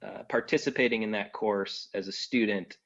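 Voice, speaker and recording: A man's voice: lowish voice, fairly even intonation, normal speed, creaky, a bit bright. Joking male guest on dull audio. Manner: joking, brief asides. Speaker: missionary guest. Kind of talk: casual interview.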